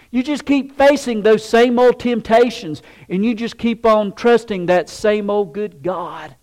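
A man with a high voice preaches a sermon with an animated delivery. He shifts his tone to play out little scenes and chuckles along the way. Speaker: pastor.

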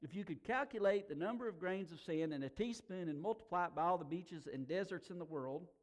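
A man's voice: high-pitched, fairly quick. A middle-aged man preaching a sermon, telling personal stories with laughs and building to emotional, emphatic peaks. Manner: warm storytelling, with laughs and emotional swells. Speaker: pastor.

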